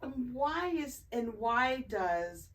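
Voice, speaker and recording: A woman's voice: a little high, big pitch swings, a bit bright, far from the mic. A woman co-hosting a podcast in casual chat, agreeing readily and backing up her friend's points. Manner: supportive listener, quick to agree. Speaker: podcast co-host.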